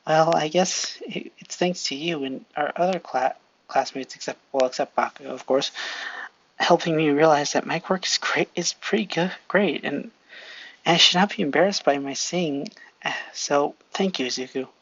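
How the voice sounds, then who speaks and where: A storyteller voicing an excited teenage girl singer who teases her friend and stammers when nervous. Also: mid-range voice, normal speed, no room sound, lo-fi sound, natural voice. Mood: cheerful. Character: excited teen girl singer, shy but teasing.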